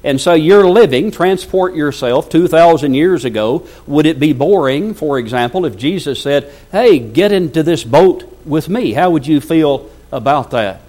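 A man's voice: on the high side, expressive, moderate pace, hardly any pauses, warm tone. Guy preaching to a congregation, reads scripture, keeps asking questions. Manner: asks the congregation rhetorical questions; reads scripture aloud at length. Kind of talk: sermon.

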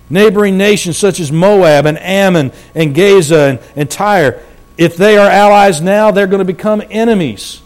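A man preaching a sermon, slowing down for emphasis and dropping his voice low at the ends of phrases. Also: a little mellow.

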